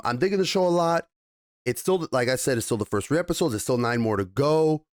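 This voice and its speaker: A man giving a casual spoken TV review, animated and swearing often. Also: mid-range voice, no echo, clean studio sound.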